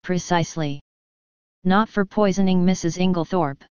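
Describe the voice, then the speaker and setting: A placid, precise older detective, as a woman reader puts him on, unhurried and faintly amused. The voice sits low and very clear in a dry, close space. The recording is dull and lo-fi, like a home audiobook. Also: no room sound, natural voice. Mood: calm, amused. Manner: calm, precise, gently teasing. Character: fussy elderly male Belgian detective. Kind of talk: audiobook reading.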